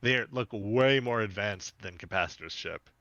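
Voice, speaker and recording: Podcast guy talking loose and jokey, bright voice, kinda dull dry audio. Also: lowish voice, no room sound. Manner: chatty, filler-heavy, quick to joke. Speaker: podcast co-host. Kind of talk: casual chat.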